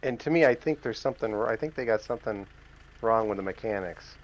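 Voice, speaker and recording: A man's voice: on the low side, fast talker, highs cut off. A man chatting casually while playing a game with a friend, easygoing and often hunting for words. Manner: easygoing, searching for words with many ums. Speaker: co-player. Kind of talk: casual gameplay chat.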